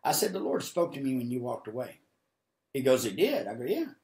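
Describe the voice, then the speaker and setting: A man preaching a sermon live from his home office, telling stories in a folksy way and rising to loud, high-pitched exhortation. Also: lively intonation, a little fast, echoey room. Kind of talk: sermon with acted-out storytelling. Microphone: livestream camera mic.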